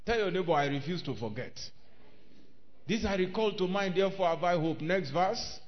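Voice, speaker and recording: High, lively preacher. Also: male voice, normal speed. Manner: preaching with scripture readings in old English, rising to shouts. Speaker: pastor. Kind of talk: sermon. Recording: dull lo-fi recording.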